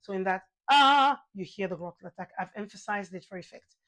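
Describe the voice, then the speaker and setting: A woman teaching a singing lesson, calmly guiding the listener through exercises, counting aloud and demonstrating sounds. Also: mid-range voice, quick pace. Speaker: vocal coach.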